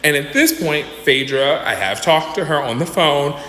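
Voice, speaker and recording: Man, lively storytime commentary, bright voice, echoey hall sound. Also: a little high, moderate pace. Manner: animated, dramatic retelling that acts out quotes. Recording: echoey reverberant room with faint noise.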